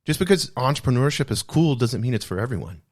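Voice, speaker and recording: A man's voice: medium pitch, expressive, quick pace, a little mellow. A man hosting a podcast, discussing a self-help book in an earnest, reflective way and repeating key phrases for emphasis. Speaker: podcast host.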